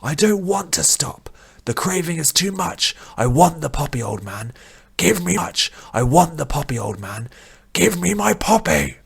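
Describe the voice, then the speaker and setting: A man's voice: fairly low pitch, takes it slowly, slightly rough, voice pushed up. A man voicing a desperate, growling bounty hunter. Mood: desperate craving. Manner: growling, then small and sad. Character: desperate male bounty hunter craving a drug.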